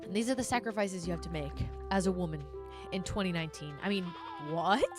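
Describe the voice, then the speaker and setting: A woman's voice: lowish voice, fast, over music. A young woman giving casual, rambling gameplay commentary as a gaming vlogger, chatting directly to her viewers.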